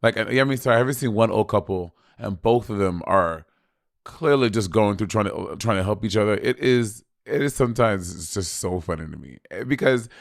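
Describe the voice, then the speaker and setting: A man's voice: fairly low pitch, animated, moderate pace, gravelly, no room sound, studio quality. A man in his thirties co-hosting a podcast, chatting in a campy, blunt way and swearing freely. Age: 30s. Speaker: podcast co-host. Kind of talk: casual chat.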